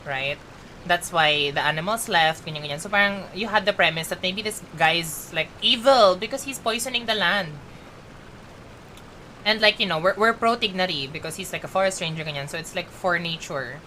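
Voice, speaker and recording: A woman's voice: fairly low pitch, brisk, pushed and bright, slight background noise. A woman with a Filipino accent chatting casually on a live game stream, talkative and emotional, switching between English and Tagalog.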